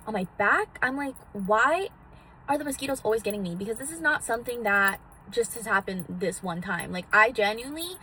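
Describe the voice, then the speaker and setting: A woman's voice: medium pitch, bright, forceful tone, slight background noise. A woman vlogging casually from a parked car into a phone, theatrical and swearing freely as she gives self-help advice. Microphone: phone on a magnetic mount.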